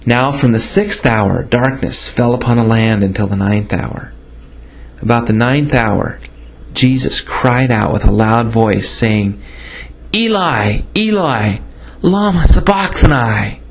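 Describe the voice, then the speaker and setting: A man reading scripture aloud in a steady, plain manner, now and then stumbling over a word and correcting himself. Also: on the low side, unhurried, slight background noise, low-quality recording.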